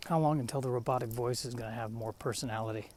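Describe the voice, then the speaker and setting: A man's voice: mid-range voice, steady tone, quick pace, darkish tone. A man talks on his own as a podcast host while walking down a street outside, sounding a little winded. He rambles in a wry, self-deprecating way, with faint noise behind him. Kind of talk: casual solo monologue. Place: outdoors on a residential street.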